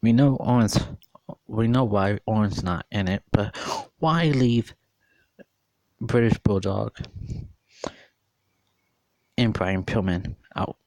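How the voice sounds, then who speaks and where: Man, thirties, low voice, unhurried, dry recording, earnest rambling questions. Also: dark tone, dry recording. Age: 30s. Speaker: vlogger. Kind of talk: casual opinion monologue.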